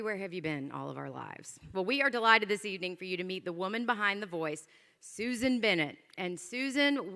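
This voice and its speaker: A woman's voice: medium pitch, sharp tone. A woman, serving as master of ceremonies at an evening event and joking playfully with the audience through a stage microphone. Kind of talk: emceeing a gala event. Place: large event hall. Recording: hall reverb from a PA system.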